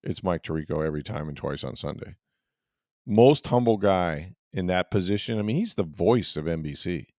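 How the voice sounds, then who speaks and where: A man's voice: sits low, lively intonation, moderate pace, dark tone, dry recording, clean studio sound. A middle-aged man hosting a sports podcast, telling a rambling story in casual chat with lots of fillers.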